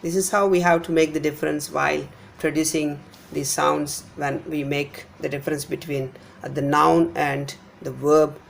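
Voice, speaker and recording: A middle-aged man with an Indian English accent teaching a pronunciation lesson, repeating words slowly with exaggerated stress. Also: on the high side, level tone, creaky, slight background noise. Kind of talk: slide-based pronunciation lesson.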